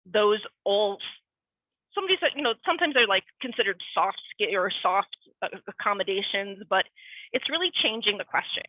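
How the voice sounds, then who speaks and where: An animated woman talks freely, running from one tangent to the next and slipping into quoted voices. The sound is thin and phone-like, and the room gives back no echo. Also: medium pitch, normal speed. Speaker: guest speaker. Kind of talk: casual conversational talk. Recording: tinny phone-like line, dry.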